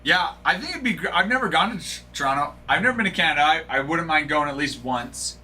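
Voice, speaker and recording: A man's voice: fairly high pitch, lively intonation, quick pace, bright, forceful tone, slight background noise. A man hosting a live card break stream, joking and bantering casually with viewers.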